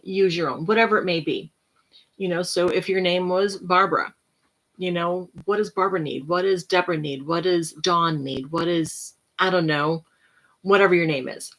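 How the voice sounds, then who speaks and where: A tired woman giving casual self-help talk, rambling and relaxed, now and then dropping to soft whispered breathing cues. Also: lowish voice, normal speed, rough recording.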